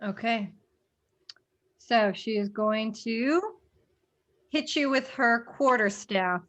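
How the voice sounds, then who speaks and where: Slow, giggly woman running a tabletop game. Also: fairly high pitch, a bit bright. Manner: unhurried, giggly, halting with fillers. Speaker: game master.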